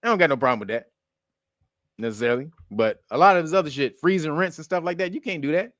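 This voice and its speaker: A man hosting a casual commentary show, rambling and profane, who corrects himself often and breaks into loud laughter. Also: fairly high pitch, lively intonation, fast talker, no echo, clean studio sound. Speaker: show host.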